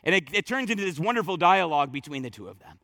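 In a quick, sing-song delivery, a pastor with a high, bright voice preaches emphatically, repeating words and starting phrases over to hammer his points. The recording is close and dry, with no echo.

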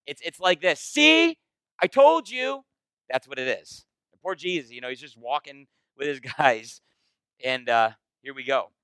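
Bright-voiced pastor teaching Bible study. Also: male voice, medium pitch, normal speed, clear, resonant tone, dry recording, low-quality recording. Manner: animated, conversational, acts out quoted voices. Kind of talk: casual Bible-study sermon.

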